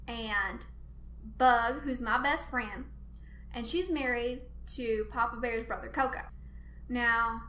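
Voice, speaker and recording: A woman host telling a funny family story in a chatty, animated way, laughing often. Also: a little high, reverberant, a little hiss or hum. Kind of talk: casual storytelling monologue.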